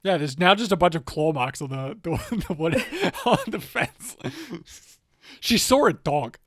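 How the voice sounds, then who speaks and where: A man's voice: on the high side, expressive, a little slow, no echo. Man's rambling, swearing banter in a dry, close room. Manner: rambling, swears a lot, loud comic outbursts. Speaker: podcast co-host. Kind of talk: casual banter.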